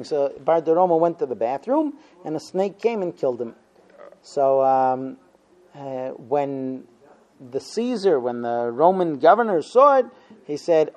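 Animated man telling a Talmud story. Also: on the high side. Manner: animated storyteller, acting out quotes, many fillers. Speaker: teacher of a Talmud class. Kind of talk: storytelling lesson.

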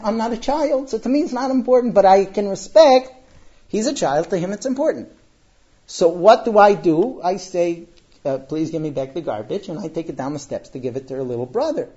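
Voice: mid-range voice, a little fast, highs cut off. An adult giving a parenting talk to a live audience, telling stories and acting out what people said. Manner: animated storyteller who acts out quotes. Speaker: parenting speaker.

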